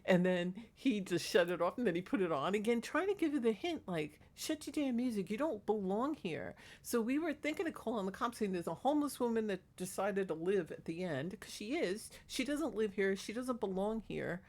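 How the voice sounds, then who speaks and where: A woman's voice: mid-range voice, animated, a little fast, few pauses, a little mellow. A middle-aged woman on a small clip-on mic, telling a neighborhood story in a chatty, indignant gossip vlog. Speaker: vlogger. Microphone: clip-on microphone.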